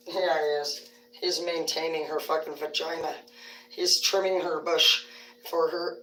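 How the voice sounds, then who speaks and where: A woman's voice: sits low, level tone, measured pace, pushed and bright, a little hiss or hum. A woman hosting a casual livestream, telling rambling stories full of swearing. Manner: rambling, profane storytelling. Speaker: livestream host. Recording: roomy sound from a distant mic.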